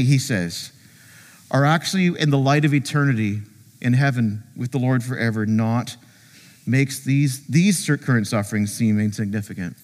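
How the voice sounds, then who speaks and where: A man preaching in a church with a fairly high, lively voice that rises and falls a lot. He talks to the congregation in a conversational, animated way, acting out little quotes. The sound carries a long hall reverb. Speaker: pastor. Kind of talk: sermon. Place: church sanctuary.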